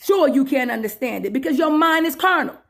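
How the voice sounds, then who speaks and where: A woman ranting in a satirical sermon style, preachy and profane, stretching out emphatic phrases and bursting into loud outbursts. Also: high voice, animated, fairly quick. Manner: preachy and profane, calls listener 'boo' and 'my friend'. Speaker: self-styled spiritual preacher.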